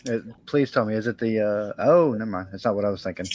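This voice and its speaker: A man's voice: fairly low pitch, fast talker, a little mellow. Joking man in stream banter. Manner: joking, wanders mid-thought. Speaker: friend joining a live stream. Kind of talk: casual live-stream banter.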